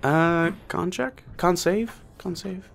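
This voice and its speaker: A man's voice: high-pitched, slow, creaky. A man narrating as game master, in a loose, casual way with fillers and swearing.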